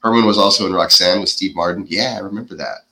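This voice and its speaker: A man co-hosting a podcast, casually retelling a movie's plot in an animated way and often laughing. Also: low voice, fast talker, a crowd in the background, poor audio. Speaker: podcast co-host.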